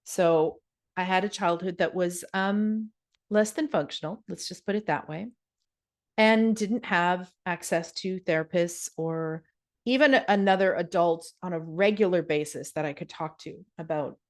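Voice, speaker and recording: A woman's voice: on the low side, measured pace. A middle-aged woman hosting a yoga podcast, telling a personal story in a candid, casual way with frank asides. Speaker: podcast host and yoga teacher.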